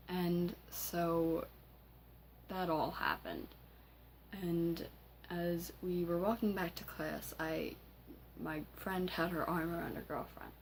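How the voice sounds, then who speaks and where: A teenage girl ranting casually to camera as a vlogger, halting, with many fillers and restarts. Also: fairly low pitch, vocal fry, darkish tone, slight background noise, rough recording. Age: teens.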